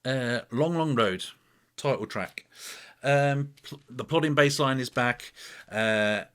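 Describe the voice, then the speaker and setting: A man's voice: medium pitch, takes it slowly, a bit bright, clear, resonant tone. A man rambling through a casual album review, full of fillers and asides.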